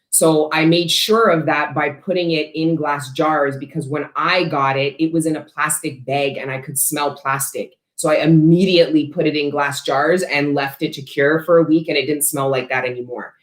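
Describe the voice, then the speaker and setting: A woman hosting a casual livestream, chatting bluntly with viewers and answering their questions, swearing freely and talking with animated emphasis. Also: sits low, normal speed, echoey room. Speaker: host selling frankincense to viewers.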